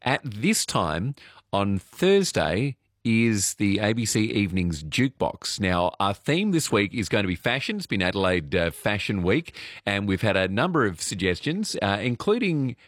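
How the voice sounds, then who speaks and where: An Australian man presenting an evening radio show in a relaxed, chatty way, with frequent "uh" fillers, on a studio microphone. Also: on the low side, normal speed, dry recording. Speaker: radio host.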